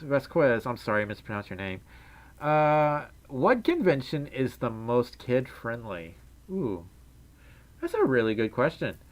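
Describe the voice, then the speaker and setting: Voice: medium pitch, big pitch swings, measured pace. A young adult livestreamer chatting casually with viewers in a put-on Southern drawl, rambling and laughing often. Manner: giggly, rambling, frequent laughs. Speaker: livestreamer reading chat. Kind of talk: casual live stream chat.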